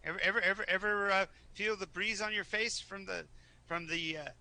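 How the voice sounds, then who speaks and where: A man's voice: high-pitched, steady tone, fairly quick, sharp tone, pitched above the performer's own voice, exaggerated voice. A man voicing a forgetful old male farmer who stammers and repeats himself eagerly.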